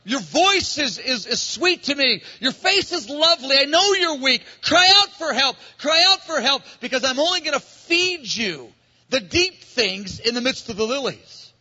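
A man's voice: very high voice, very animated, normal speed, bright, forceful tone, in a large hall, highs cut off, heavily acted. A man speaking as a loving king who coaxes his bride onward with earnest questions and commands. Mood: coaxing, earnest.

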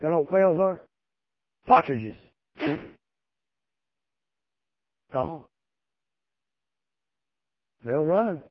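A man's voice: a little high, big pitch swings, drawn-out words, pauses often, no room sound, phone-quality sound. A man preaches a sermon in a folksy, emphatic, repetitive way.

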